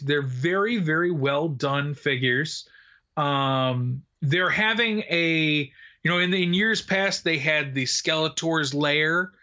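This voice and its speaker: A man's voice: a little high, sharp tone, highs cut off. A man co-hosting a podcast in casual chat, rambling with fillers, restarts and frequent laughs. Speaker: podcast co-host.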